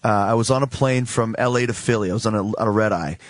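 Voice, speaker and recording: A man's voice: fairly low pitch, fast, dry recording. Profane storytelling man on radio. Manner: profane anecdotes, acts out voices. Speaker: wrestler and radio guest. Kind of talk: casual storytelling.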